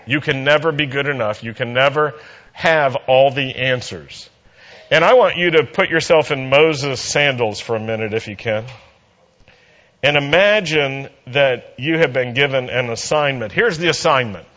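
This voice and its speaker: A man's voice: mid-range voice, moderate pace, fairly bright tone, dull audio. A man preaching a sermon, telling a humorous personal story and acting out the dialogue with playful energy.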